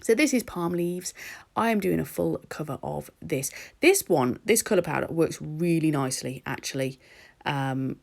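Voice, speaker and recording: A woman's voice: sits low, lively intonation, normal speed, creaky, a little mellow. A woman narrating her nail art in a chatty, rambling voice-over recorded at home. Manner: chatty and rambling, with laughs and ums.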